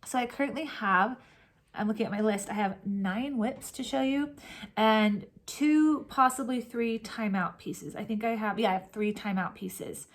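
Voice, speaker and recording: Woman, crafting vlog host, chatty, warm, soft whispered asides, home recording. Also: on the high side, moderate pace. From California. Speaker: Flosstube host. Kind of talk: casual chat to camera.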